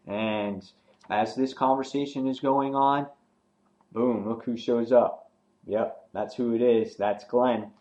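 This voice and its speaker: A man's voice: mid-range voice, fairly even intonation, slow, darkish tone, muffled recording. Casual rambling male comic reviewer. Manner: rambling, with many fillers and restarts.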